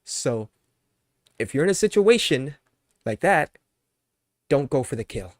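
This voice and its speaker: A man's voice: fairly high pitch, sing-song, a little slow, no room sound, studio quality. A young man chatting casually on his live stream, ranting with mock anger at his chat, then laughing and apologizing.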